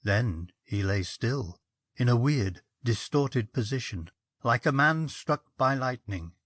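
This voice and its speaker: A man narrates a ghost story in a measured, expressive reading. His pitch rises and falls freely over a middle register. The recording is dry and close, with no room sound. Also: dry recording. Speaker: story reader.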